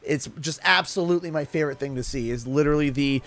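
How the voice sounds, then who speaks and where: A man's voice: a little high, quick pace, a bit bright. A man with a Canadian accent, chatting casually while streaming a game, rambling with many fillers. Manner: rambling, chatty, fond of putting on a playful accent. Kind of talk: casual livestream commentary.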